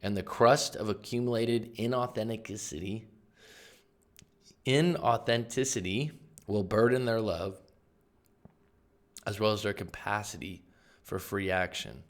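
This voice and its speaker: Low-voiced man coaching emphatically. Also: unhurried, long pauses. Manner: emphatic, conversational, with sudden loud bursts. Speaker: life coach. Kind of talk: casual explanatory book commentary.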